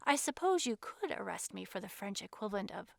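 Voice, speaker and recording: Unflappable, teasing gentleman with a light touch, read by a woman. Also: mid-range voice, big pitch swings, a little fast, vocal fry, dry recording, clean studio sound. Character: cool, amused, unflappable gentleman suspect.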